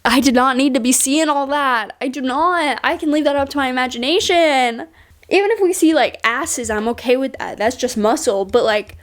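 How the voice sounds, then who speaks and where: A woman chatting casually in a show review, frank and exasperated, tossing in quick asides and the odd swear. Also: high-pitched.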